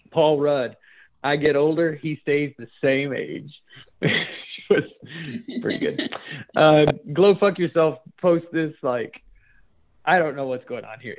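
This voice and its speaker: A man hosting a casual chat, reading funny posts aloud and laughing often. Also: mid-range voice. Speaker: podcast host. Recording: phone-like narrow sound.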